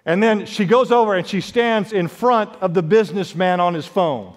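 High-voiced preacher in a reverberant hall. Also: male voice, moderate pace. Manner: preaching with sharp swings in pitch and volume, quotes scripture. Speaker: pastor. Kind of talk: sermon. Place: church sanctuary. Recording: long reverb of a worship hall.

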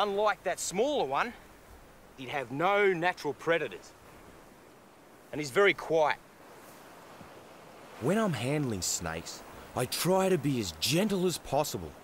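Australian male wildlife presenter, higher voice, very animated delivery, noisy outdoor field recording. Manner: excitable and animated, quick exclamations. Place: outdoors in the bush.

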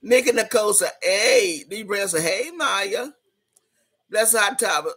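A woman hosts her own livestream from home, reading viewers' comments aloud amid bursts of laughter. Her voice is bright and tense with a husky edge, and her delivery is loud and rowdy. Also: medium pitch, big pitch swings, measured pace. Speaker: livestream host.

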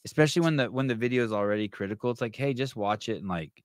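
Rapid-fire and medium-pitched, this male podcast host chats casually in a rambling, profane way, often breaking off to restart. There's no echo, and the audio is studio quality.

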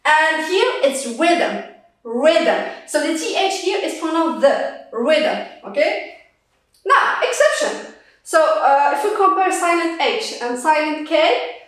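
A woman teaching an English lesson, who speaks slowly and patiently and repeats each word so it can be drilled. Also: high-pitched, a bit bright. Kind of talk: classroom lesson explaining pronunciation. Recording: echoey room, voice from a distance.

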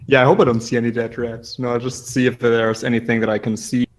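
A man's voice: mid-range voice, flat delivery, fairly quick. A man playing a tabletop game, talking casually and hesitantly. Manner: unsure, rambling. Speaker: player.

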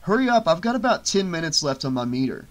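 A man's voice: on the high side, very animated, quick pace, voice pushed up. A man doing a crude, impatient young guy. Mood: scoffing. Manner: sarcastic, blunt.

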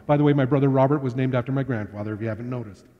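A man's voice: mid-range voice, racing. Man preaching in a reverberant hall. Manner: conversational, anecdotal storyteller. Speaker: pastor. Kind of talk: storytelling sermon. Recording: dull lo-fi sound with long hall reverb.

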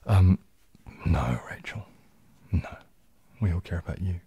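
A man with a low, husky, mellow voice chats softly on a relaxed ASMR livestream. He rambles gently through viewers' questions and sometimes slips into a whisper. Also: measured pace. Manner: relaxed, rambling, drops into whispers, reads chat aloud. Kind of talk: casual soft-spoken livestream chat.

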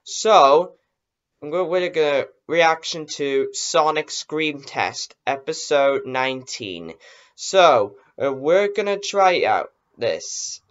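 A man's voice: fairly high pitch, animated, takes it slowly, fairly bright tone. A man hosting a casual reaction video, easily startled and exclaiming, talking himself into being brave. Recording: dull lo-fi recording.

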